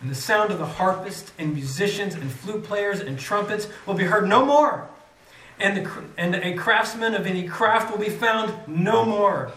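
A man's voice: high-pitched, moderate pace, sharp tone. A man preaching a sermon, reading scripture aloud with dramatic rises on the quoted cries. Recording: echoey room, mic from a distance.

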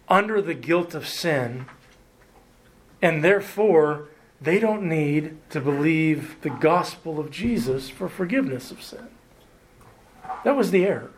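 A man preaching a sermon as pastor, earnest, slowing down and lifting his voice to stress key words. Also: fairly high pitch, rough recording. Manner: earnest preaching, slows and rises for emphasis, occasional restarts.

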